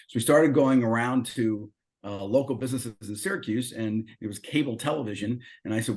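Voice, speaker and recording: A man's voice: medium pitch, fast. A middle-aged man as an interview guest, telling his story casually and acting out quoted dialogue. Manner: lively storyteller who acts out quoted dialogue.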